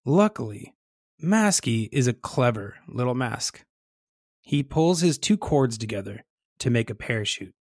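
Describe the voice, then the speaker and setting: A children's storyteller reading aloud gently and expressively, leaning into the sound words. The pace is slow and deliberate, and the voice is mid-range. It is recorded dry and close, with no room sound. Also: medium pitch, lively intonation, no room sound.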